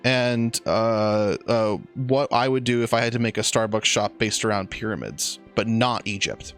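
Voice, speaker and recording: A young man improvising a silly story on a podcast, rambling and excitable with plenty of swearing. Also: fairly low pitch, moderate pace, faint music behind. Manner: rambling, excitable, swears a lot, many restarts.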